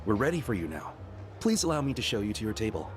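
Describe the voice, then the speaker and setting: A man's voice: fairly low pitch, big pitch swings, quick pace, music in the background. An actor in a video game dub playing a polite, formal male restaurant host. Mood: courteous. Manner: courteous, formal.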